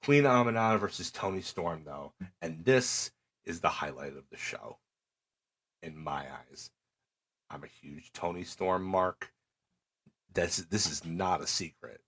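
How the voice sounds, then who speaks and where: His voice is low-pitched and unhurried as the middle-aged co-host chats through match recaps on a podcast. He's an animated storyteller, voicing the wrestlers' lines as he quotes them.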